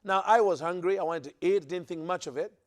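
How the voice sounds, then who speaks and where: A preacher with a strikingly high voice gives a sermon-style teaching at a fairly quick clip. He is emphatic, repeating phrases for stress, and frequently stops mid-thought to restart a sentence.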